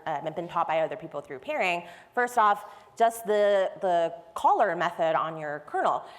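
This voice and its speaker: With a lowish, slightly bright voice, a woman speaks at a conference, walking the audience through technical material step by step in a chatty way. The large hall she's in produces a long reverb on the recording.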